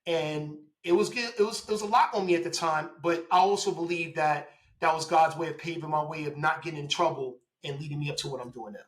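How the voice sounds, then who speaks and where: A man in his forties, a police officer telling his story in a casual interview, lively, laughing and acting out quoted dialogue. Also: a little high, fast talker, hardly any pauses, low-quality recording.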